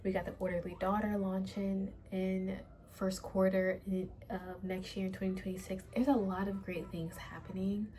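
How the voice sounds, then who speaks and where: Young woman vlogging at home, rambly w lots of likes and ums, flat even tone, a little background hiss. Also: medium pitch, moderate pace, few pauses, poor audio. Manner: rambling, repeats herself, many fillers. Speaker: small business owner vlogger. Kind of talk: casual vlog chat.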